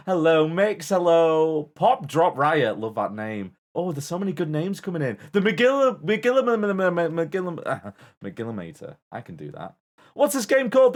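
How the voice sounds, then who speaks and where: A man chatting playfully on a game stream, greeting viewers and swearing freely. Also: on the high side. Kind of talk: casual gaming stream chat.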